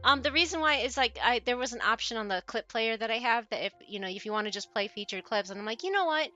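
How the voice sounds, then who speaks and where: A woman streams live and talks casually to her viewers. Her voice sits a little high and bright, with a crisp edge. She is chatty and giggly, drifts off mid-thought and starts over, and soft music plays faintly under her. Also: animated, fast talker, highs cut off. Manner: chatty and giggly, trailing off and restarting.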